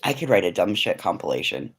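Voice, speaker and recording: Casting: chatty home vlogger, a woman with a lively, swooping delivery; loose, frank and sweary. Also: extremely low pitch, quick pace, slightly rough. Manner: rambling, frank, swears freely. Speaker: vlogger chatting with live viewers. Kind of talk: casual livestream chat. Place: at home indoors, living room.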